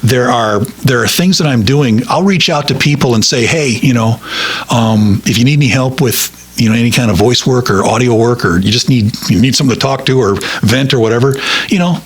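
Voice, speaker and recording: A middle-aged man, a radio broadcaster, telling stories from his career in a casual interview, rambling with many halting restarts. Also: mid-range voice, slightly rough.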